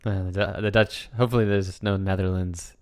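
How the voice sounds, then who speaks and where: A man's voice: deep voice, fairly even intonation, a little fast, a little mellow, clean tone. A man co-hosting a podcast in casual chat, trading wry jokes with his partner. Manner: wry, joking banter. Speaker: podcast co-host.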